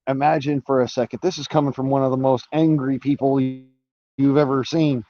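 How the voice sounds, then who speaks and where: A man's voice: medium pitch, little pitch movement, brisk, dark tone, lo-fi sound. A man talking through a casual live-stream monologue, rambling with restarts and fillers, swearing now and then.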